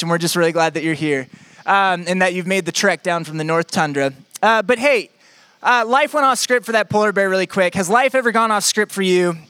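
Young pastor, jokey animated sermon storytelling, dry close sound. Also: male voice, high voice, smooth, dry recording.

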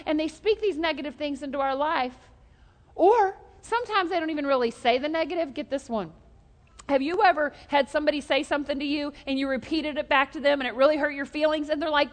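Very high-voiced joking woman preacher. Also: big-room sound. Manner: animated, joking, call-and-response. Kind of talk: humorous sermon.

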